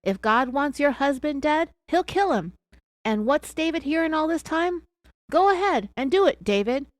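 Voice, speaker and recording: A woman voicing a confrontational male FBI agent, yelling and pressing hard with questions. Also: high voice, lively intonation, normal speed, no room sound, pitched above the performer's own voice. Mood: angry, accusing. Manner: yelling, accusing, relentless questioning.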